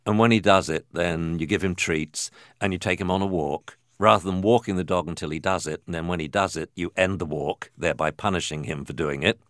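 An English man, a vet and dog trainer, answering interview questions in an animated, jokey way. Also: deep voice, brisk, hardly any pauses, no room sound, studio quality. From England.

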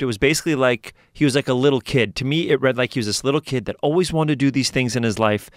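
A man, a voice actor telling stories in an animated, fast-talking way during an interview. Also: medium pitch, clean tone, dry recording, clean studio sound. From New York. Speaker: voice actor guest. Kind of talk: casual interview talk.

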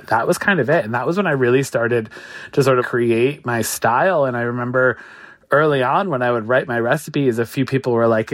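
A chatty man in his thirties talks through a relaxed interview, peppering his stories with "like" and "sort of." His voice sits in an ordinary middle register. He mocks himself and laughs easily as he goes. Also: medium pitch. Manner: chatty and self-mocking, many "like" and "sort of" fillers, laughs often. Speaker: guest, food creator and cookbook author. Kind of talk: casual podcast interview.

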